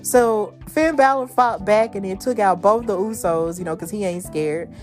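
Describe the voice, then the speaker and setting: A woman hosting a podcast, talking through the week's wrestling in a loose, slangy way. Her pitch sits in the middle for a woman, and she laughs at her own jokes. Faint music plays under her voice. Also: normal speed, a little mellow. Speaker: podcast host. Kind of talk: casual wrestling recap.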